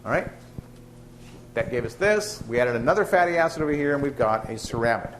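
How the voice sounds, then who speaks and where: A man's voice: mid-range voice, fairly quick, crowd noise. A man lecturing a class on biochemistry in a chatty, joking way. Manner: lively, chatty, tells jokes to students. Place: lecture hall with students.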